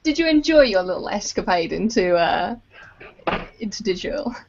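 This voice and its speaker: A woman's voice: mid-range voice, lively intonation, normal speed, a little mellow. A woman co-hosting a podcast in casual chat, bantering playfully and laughing often. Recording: dull lo-fi mic.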